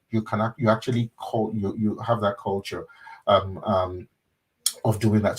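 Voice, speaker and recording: A man who is a pastor, giving a motivational webinar talk in an earnest, repetitive way that often drops to a soft, intimate tone. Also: lowish voice, husky, low-quality recording. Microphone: webinar microphone.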